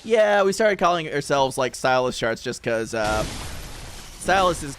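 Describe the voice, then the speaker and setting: Young male streamer, casual chat, animated and playful, very lively intonation. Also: on the high side, unhurried, a little hiss or hum. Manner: animated, laughing, joking.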